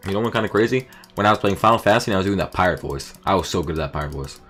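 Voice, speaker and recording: A man's voice: deep voice, expressive, very fast, a bit bright, soft background music. A man casually commenting while he plays a story game, rambling with lots of fillers. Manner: chatty, rambling, filler-heavy. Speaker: streamer playing a visual novel.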